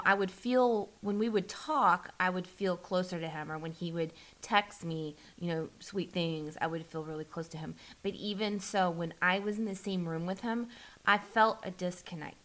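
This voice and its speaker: A woman in a candid, casual conversation, telling her story with frequent false starts. She gets animated and lifts her voice when acting out what was said. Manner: animated, acts out quotes with rising pitch, restarts often.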